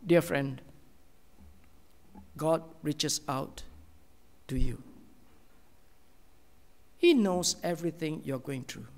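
A man delivers a sermon from the pulpit in a high, gravelly voice. He speaks slowly and earnestly, pausing often and sinking into a soft, hushed tone. A long reverb trails his words, as in a church hall. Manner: slow, earnest preaching with many pauses, often dropping to a soft, hushed tone. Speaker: pastor.

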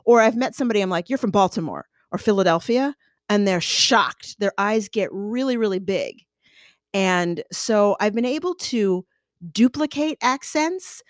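A woman's voice: mid-range voice, expressive, a little slow, no echo. Chatty American woman, dry close sound. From United States. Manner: chatty and playful, drops into accent impressions. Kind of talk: casual solo monologue.

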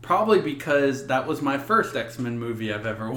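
A laid-back man chats on a podcast, his pitch moving freely as he talks. He laughs often and restarts his sentences. The room around him is echoey. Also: sing-song, moderate pace, fairly bright tone, a little hiss or hum. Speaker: podcast co-host. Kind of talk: casual chat.

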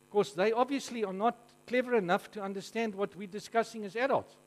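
A man with a South African accent preaching to a congregation. He tells stories in an animated, jokey way and keeps asking the audience questions. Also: high voice, fairly quick, poor audio. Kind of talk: storytelling sermon to a live congregation.

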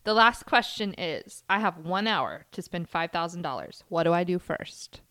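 A woman's voice: lowish voice, animated, fairly bright tone. A woman chats casually with her sister in a playful, teasing way and laughs easily. Her voice is dry and close to the mic, with no echo around it. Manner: playful and quick, breaking into laughter. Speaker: co-host sister. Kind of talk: casual chat.

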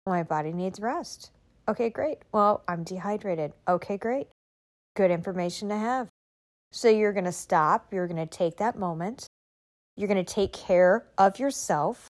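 A woman giving a motivational talk, emphatic and encouraging, often asking rhetorical questions. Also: medium pitch. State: recovering from illness.

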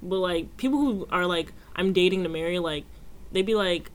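A woman co-hosting a casual podcast chat, animated and sassy, full of slang and mock-preaching asides. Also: fairly low pitch, moderate pace. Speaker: podcast co-host.

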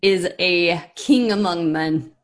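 A woman's voice: on the low side, slow pace. A woman co-hosting a casual talk show, wry and teasing. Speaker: podcast co-host. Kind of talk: casual chat.

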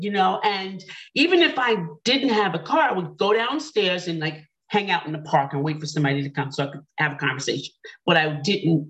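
A middle-aged woman hosts an online panel and talks it through in a lively way. She tells her own story and acts out what she was thinking along the way. Her voice sits a bit low. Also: low-quality recording. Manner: animated storytelling, quotes her own thoughts. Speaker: panel host.

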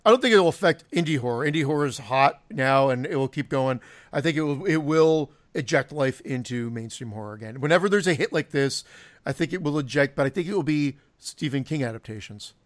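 A man co-hosting a podcast, joking and talking in halting restarts in casual banter. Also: on the high side, expressive. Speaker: podcast co-host.

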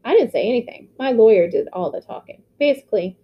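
A woman reading aloud, voicing an eager, excited teenage boy telling a friend his news, on a slightly muffled recording. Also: fairly high pitch, fast.

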